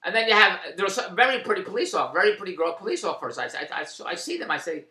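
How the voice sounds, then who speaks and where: A man's voice: high voice, big pitch swings, fast talker, hardly any pauses, bright, forceful tone, roomy sound. A man delivering a rambling, indignant opinion monologue, repeating himself. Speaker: commentator.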